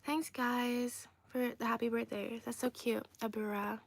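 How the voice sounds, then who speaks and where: A woman's voice: fairly high pitch, flat delivery, unhurried, gravelly, no echo. A young woman chatting casually on a livestream, reading viewers' comments aloud with frequent giggles. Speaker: streamer reading live chat.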